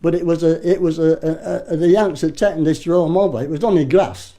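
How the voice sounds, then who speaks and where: A man in his nineties tells old war stories in a loose, rambling way. He swears without a second thought and often stops to start a sentence again. His voice sits a little high for a man, with a dark, mellow tone. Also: a little fast. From Britain. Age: 90s. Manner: rambling, salty storyteller who swears freely and restarts often. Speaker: war veteran interviewee. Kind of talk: casual reminiscing.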